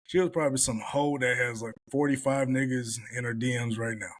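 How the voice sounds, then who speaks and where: A man talks loosely and bluntly on a podcast, swearing freely as he tells stories. His voice sits at an ordinary male pitch. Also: brisk. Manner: blunt, profane storytelling. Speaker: podcast host. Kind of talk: casual chat.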